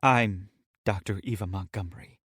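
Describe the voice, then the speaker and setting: A man voicing a wary, brisk woman doctor who speaks curtly and practically. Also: fairly low pitch, a bit bright, slightly rough, no echo, studio quality. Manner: curt, practical.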